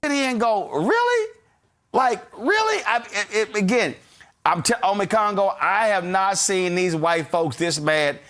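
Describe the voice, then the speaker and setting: A man with a high voice tells a story in a played commentary clip. He is animated and profane, and he mocks the people in his story. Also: measured pace, clean tone.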